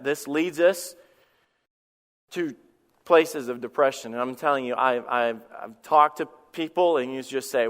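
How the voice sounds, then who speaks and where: A man's voice: mid-range voice, moderate pace, fairly bright tone. A man preaching a sermon as pastor, talking conversationally, repeating himself and telling personal stories. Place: church sanctuary. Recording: long church hall reverb.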